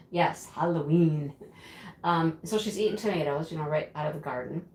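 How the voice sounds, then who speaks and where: A woman's voice: sits low, normal speed, a little mellow, a little hiss or hum. A middle-aged woman hosting a casual livestream, telling a story with frequent laughs and fillers. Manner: chatty, laughs often, many fillers. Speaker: craft channel host. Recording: echoey room.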